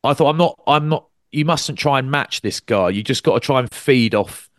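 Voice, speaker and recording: Speaking at a moderate pace, a rugby commentator who co-hosts a podcast tells stories in casual conversation. He animatedly acts out quotes with big pitch jumps, and the studio-quality recording has no echo.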